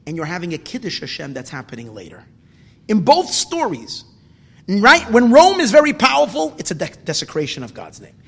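High, bright-voiced man preaching dramatically. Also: huge pitch swings, fairly quick, vocal fry, breathy edge. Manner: dramatic, swings from loud exclamations to hushed whispers, repeats words. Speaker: religious teacher. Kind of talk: sermon-style lecture. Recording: long hall reverb.

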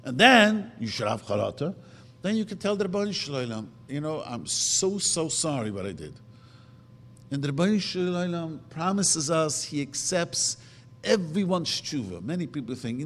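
A man preaching a sermon emphatically, asking rhetorical questions and slowly chanting verses. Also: on the high side, sing-song, fairly bright tone. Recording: long reverb of a hall.

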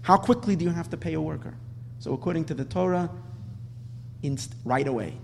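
Brief: man teaching a storytelling lesson, animated and self-correcting, slight hum, long reverb behind him. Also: fairly high pitch, a little fast, creaky. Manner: animated storyteller with frequent restarts. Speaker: teacher giving a religious class.

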